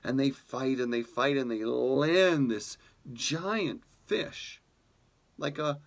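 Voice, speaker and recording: A man leading a spiritual community, telling a fable in a meditation talk, soft-spoken and unhurried. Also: medium pitch.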